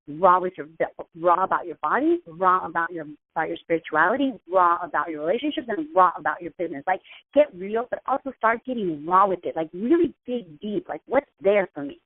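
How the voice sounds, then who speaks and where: A woman's voice: fairly low pitch, lively intonation, a little fast, no room sound. A woman host giving a casual, chatty motivational talk, often repeating herself. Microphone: phone call. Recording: tinny phone-line sound.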